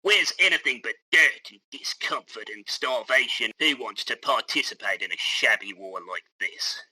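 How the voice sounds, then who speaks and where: A man's voice: medium pitch, lively intonation, normal speed, bright, forceful tone, a little hiss or hum, low-quality recording. A man voicing a weary young Australian soldier in a put-on Australian accent, reading a lament aloud.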